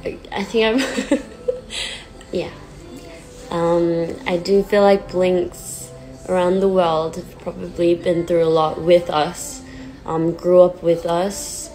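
Woman, 20s, livestream chat, low-ish voice, slow and hesitant, nervous, faint music behind. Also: level tone, warm tone, low-quality recording. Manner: halting and hesitant, self-deprecating, many fillers. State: nervous and near tears. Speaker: pop singer on a livestream. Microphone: phone. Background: sad song playing faintly.

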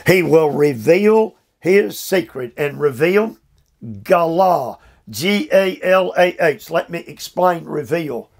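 Older male preacher with a gravelly voice, pitched a bit high, leading a slow, emphatic Bible study from home. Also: expressive. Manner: slow, emphatic, drawn-out phrasing with repeated fillers. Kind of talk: verse-by-verse Bible study sermon. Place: his home.

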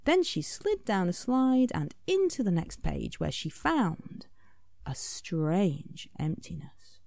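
Expressive woman reading aloud. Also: on the high side, unhurried, gravelly, dry recording, clean studio sound. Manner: expressive, soft drop-offs into whisper. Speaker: author reading her picture book. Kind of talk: storybook read-aloud.

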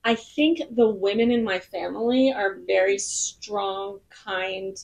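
A woman's voice: mid-range voice, takes it slowly, vocal fry, darkish tone. A woman singer-songwriter as a podcast guest, telling stories in a bubbly, rambling way. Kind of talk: casual podcast chat. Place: in Nashville.

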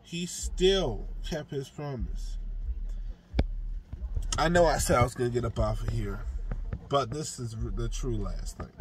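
A man's voice: medium pitch, unhurried, pauses often, background noise. A young man talking earnestly and heartfelt to camera, rambling about his faith in a casual vlog. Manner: drawls softly when relaxed, livelier when engaged. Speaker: vlogger.

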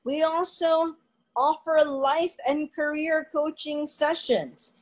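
A woman's voice: high voice, takes it slowly, rough recording. Conversational woman co-hosting a teaching vlog. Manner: relaxed, conversational, repeats words while thinking. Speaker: co-host and English teacher. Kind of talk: casual panel discussion.

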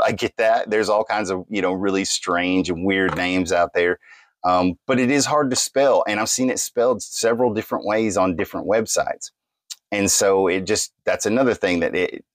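Low-voiced guy rambling through a knife review, lots of ums, dry close sound. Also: dry recording. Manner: rambling, many fillers and restarts. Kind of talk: casual product review.

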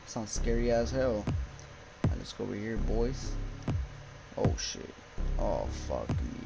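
A man's voice: fairly low pitch, sing-song, unhurried, creaky, long pauses, over loud music, rough recording. A young man giving frightened, swearing commentary while playing a horror game, yelping at scares and muttering nervously to himself. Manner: jumpy, swearing, yelps and exclaims. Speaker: gaming YouTuber.

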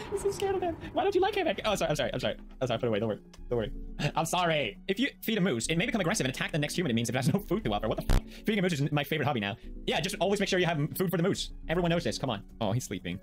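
A man's voice: fairly high pitch, very fast, music in the background. A man hosting a video, giving jokey reaction commentary on online posts at home and laughing often. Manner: animated, jokey, laughs often, talks to his pets. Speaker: video host.

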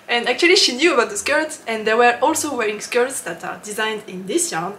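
A woman hosting a knitting podcast in a casual, chatty way, often laughing and pausing with ums. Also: on the high side, expressive, a bit bright, roomy sound, slight background noise. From lives in Switzerland.

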